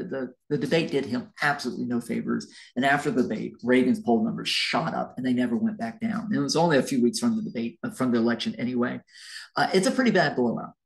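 A man's voice: mid-range voice, gravelly, low-quality recording. A man, a college history lecturer, giving a recorded class lecture in a conversational, rambling way with fillers and restarts.

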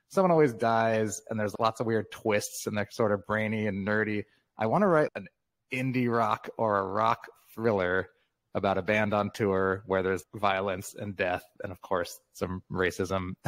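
A man in his fifties, a memoir author, talking as a podcast guest in a relaxed, reflective way and laughing often. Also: on the low side. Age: 50s. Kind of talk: casual interview conversation.

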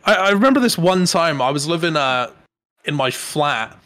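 A young man, telling stories in a relaxed podcast chat. His voice sits a bit higher than most men's, and he keeps laughing and acting out the people he quotes. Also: normal speed. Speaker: podcast co-host. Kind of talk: casual storytelling chat.

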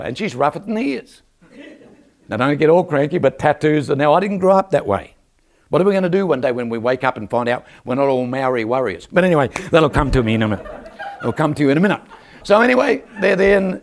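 A man preaching a sermon in a church, telling stories and asking the crowd for an amen. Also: on the high side. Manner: storytelling with rhetorical questions and calls for amen.

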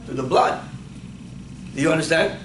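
A man with a fairly high voice is teaching a class. He quizzes his students with short questions and often supplies the answers himself. The recording comes from a roomy, echoey classroom with a faint hum behind him. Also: moderate pace, a bit bright. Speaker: instructor.

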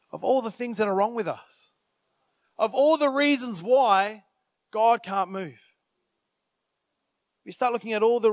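Animated high-voiced male preacher. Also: no room sound, clean studio sound. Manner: animated, acts out inner thoughts in quick asides; many filler phrases and restarts. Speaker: pastor. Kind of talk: sermon.

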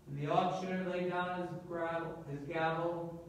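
A man, a priest, telling a story in a sermon with slow, measured delivery, recorded in a church from far off. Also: high voice, monotone, very echoey, a little hiss or hum.

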